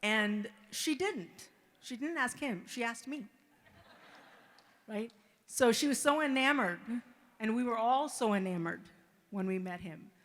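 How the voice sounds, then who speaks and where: Middle-aged woman, mother of the bride, fairly high voice, emotional and halting wedding speech. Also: fairly bright tone. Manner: halting, repeats words, deeply grateful.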